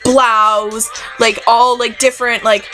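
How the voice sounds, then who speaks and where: A young woman rants about fitting room customers in a casual vlog. Her voice is bright and a little high, with an exasperated, sarcastic edge and a constant "like". Faint music plays behind her. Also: flat delivery, takes it slowly. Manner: exasperated, sarcastic, heavy use of "like", acts out customers.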